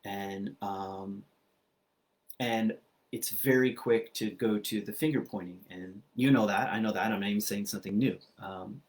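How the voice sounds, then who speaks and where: Male speaker, low register, reflective halting sermon delivery. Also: fairly even intonation. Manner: thoughtful, many ums and restarts, repeats phrases. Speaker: speaker at a spiritual community.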